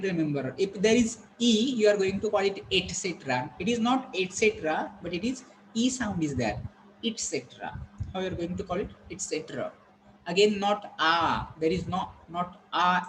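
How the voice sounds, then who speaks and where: A man's voice: fairly high pitch, darkish tone, a little hiss or hum, rough recording. A man teaching a pronunciation lesson, drilling words and asking the class rhetorical questions.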